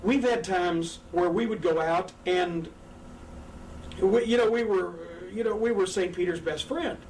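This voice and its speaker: An older man, a former wrestler seated on a couch, telling profane, animated stories and acting out crowd voices. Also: sits high, measured pace. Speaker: former pro wrestler, guest. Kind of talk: candid interview storytelling. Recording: distant mic with faint background noise.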